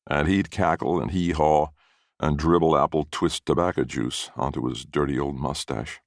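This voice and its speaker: A man's voice: extremely low pitch, fairly even intonation, moderate pace, gravelly, dry recording, clean studio sound. A man reading a short story aloud in a wry, folksy narrating voice. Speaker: story reader.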